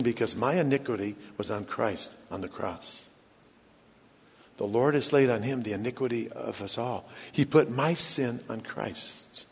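A man preaching a sermon in an earnest way, often dropping to hushed low tones for emphasis. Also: slightly rough. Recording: long hall reverb.

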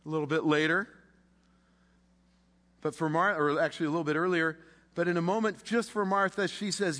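A man preaching a sermon, impassioned, swinging between loud declarations and hushed, drawn-out pauses. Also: a little high. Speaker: pastor. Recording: long reverb of a large hall.

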